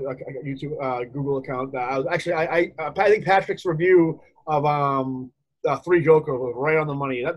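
Man, high voice, rambling casual co-host, laughs a lot. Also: rough recording. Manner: rambling, chatty, laughs often. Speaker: co-host of a comics review show. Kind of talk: casual podcast chat.

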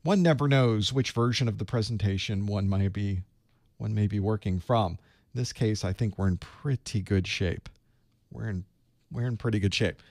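A man's voice: on the low side, moderate pace, darkish tone, dry recording. A middle-aged man casually chatting on a livestream before a study session, greeting viewers by where they are and rambling about his work. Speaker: IT certification instructor hosting a live study group. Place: small dark room.

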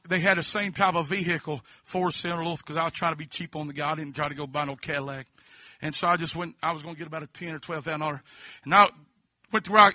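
A preacher from Kentucky with a Southern accent, giving a testimony sermon. He shifts between quiet storytelling and fervent, shouted preaching. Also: high voice, dry recording.

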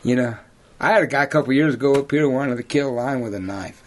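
A man at medium pitch talks fast as an interview guest, a lion hunter and outfitter sharing rambling stories. He says "you know" a lot and laughs at his own tales.

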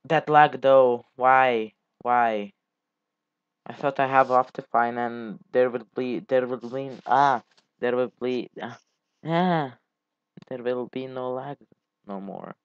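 A man giving casual, halting gameplay commentary as a channel host. He rambles and swears casually as he plays. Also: medium pitch, fairly even intonation, clear, resonant tone, dry recording. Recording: dull lo-fi mic.

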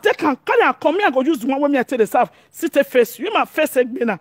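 A Nigerian woman from Edo giving an animated monologue as an online commentator, excitable and often shouting and laughing. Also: high voice, fast talker, dry recording, studio quality.

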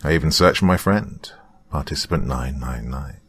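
A man giving a slow, dramatic scripted horror narration that drops into whispers for effect. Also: rumbling low, animated, a bit bright, a little hiss or hum.

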